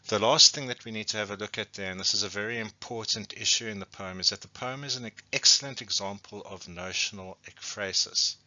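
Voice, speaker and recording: A man's voice: on the low side, sharp tone, dry recording, muffled recording. A man, an English teacher giving a recorded poetry lesson, who explains patiently and often restates points.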